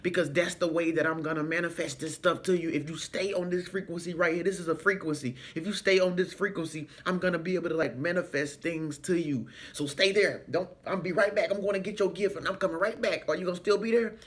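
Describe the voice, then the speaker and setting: A man speaking in an animated, preachy, sing-song way in a motivational vlog. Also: high voice, fast talker, few pauses. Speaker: spiritual self-help vlogger.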